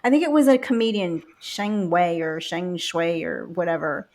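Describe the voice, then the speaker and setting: A woman co-hosting a relaxed podcast chat. She tells stories in an animated way, acts out both sides of an argument, and breaks into laughter often. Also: fairly low pitch, normal speed. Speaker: podcast co-host. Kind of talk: casual chat.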